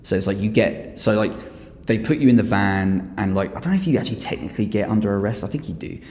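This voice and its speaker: A man's voice: lowish voice, fast. A man with an English accent, a podcast guest telling stories in casual chat, swearing freely and acting out what people said. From England. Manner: animated storyteller, swears freely, acts out quotes. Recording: echoey room with long reverb.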